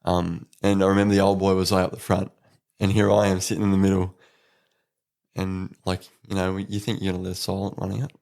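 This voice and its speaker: A man's voice: low voice, brisk, gravelly. A young man with an Australian accent, chatting casually as a podcast guest and laughing through his stories. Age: young adult. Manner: relaxed storyteller, laughs while telling stories. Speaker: guest, apprentice electrician. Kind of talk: casual interview chat.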